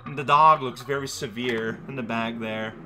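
A man giving casual gameplay commentary as a let's play host, rambling and goofy with excitable bursts. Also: medium pitch, normal speed. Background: game music.

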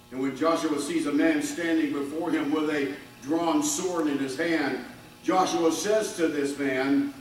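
Male pastor, high voice, dramatic sermon delivery, far mic in a heavily echoing sanctuary. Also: a little hiss or hum. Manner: dramatic preaching with swings between hushed and loud.

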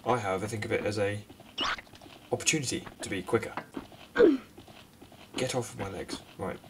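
A man's voice: fairly low pitch, far from the mic, noisy background. Sarcastic man narrating a game from afar. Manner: sarcastic, self-mocking, quick outbursts at the game. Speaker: gaming commentator. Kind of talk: let's play commentary.

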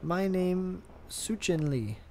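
A man voicing an apologetic woman hotel resident who speaks in halting, broken English. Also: high-pitched, animated, a little mellow, slight background noise, pitched above the performer's own voice, exaggerated voice.

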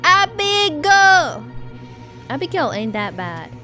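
A young woman reacts to a video game with excitable, expletive-filled commentary, her fairly high voice leaping around, yet her pace unhurried. Loud game music plays behind her. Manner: excitable, cursing, shouting at the screen. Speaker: gaming streamer.

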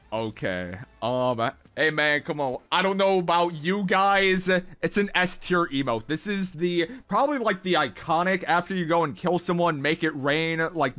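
A young man giving casual, excitable reaction commentary, ranking game emotes with lots of slang. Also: sits high. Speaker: gaming content creator.

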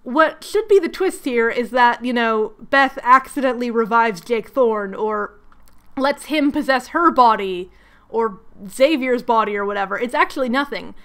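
A young woman recapping a book with comedy, sarcastic, animated and self-mocking. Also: fairly high pitch, normal speed, smooth. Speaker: book reviewer.

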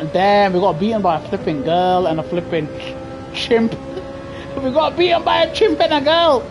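A man's voice: high-pitched, sing-song, a little slow. A man streaming a sim racing game live, bantering in a jokey, laughing, cheeky way into a gaming headset at his home rig. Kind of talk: live gameplay commentary.

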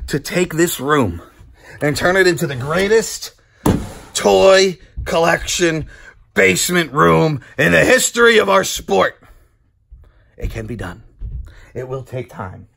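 A man's voice: on the high side, vocal fry, fairly bright tone, breathy edge. A man vlogging at home in a playful, goofy way, sometimes slipping into mock wrestling-promo bravado. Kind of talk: playful family vlog chat. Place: home basement room.

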